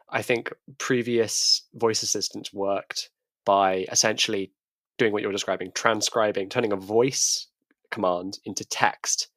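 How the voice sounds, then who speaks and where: A man's voice: on the low side, a bit bright, dry recording. A man co-hosting a tech podcast, talking thoughtfully and often restarting his words. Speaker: podcast co-host. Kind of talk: casual tech discussion.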